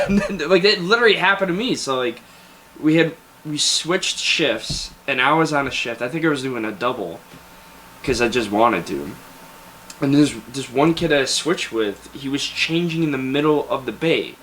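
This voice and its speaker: A young man casually telling animated stories about basic training, often breaking into laughter. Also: mid-range voice, moderate pace, slight background noise. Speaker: guest. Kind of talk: casual storytelling.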